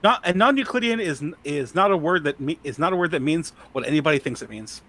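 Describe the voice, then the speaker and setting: Halting man full of "like" fillers. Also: a little high, animated, bright, forceful tone. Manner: halting, filler-heavy, lots of "like". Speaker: podcast co-host. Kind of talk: casual chat.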